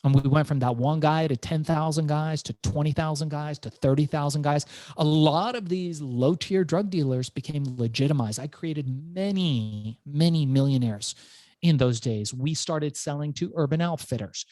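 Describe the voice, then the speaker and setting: A middle-aged man, an entrepreneur guest, telling his story in an animated interview and repeating words as he goes. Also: fairly high pitch, moderate pace, dry recording.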